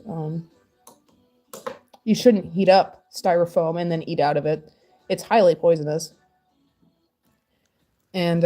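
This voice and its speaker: A woman's voice: fairly low pitch, mellow. A woman in her thirties chatting casually while crafting on a stream, rambling and laughing often.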